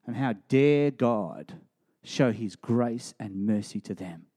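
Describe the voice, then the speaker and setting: A man preaching a sermon, emphatic and animated as he tells the story. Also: on the low side, slow.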